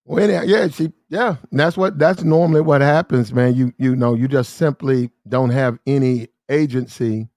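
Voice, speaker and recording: A man's voice: medium pitch, dry recording, studio quality. Slangy man telling a rambling story. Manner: rambling, repetitive, slangy street talk; quick shifts into acted-out shouting arguments. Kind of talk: casual storytelling monologue.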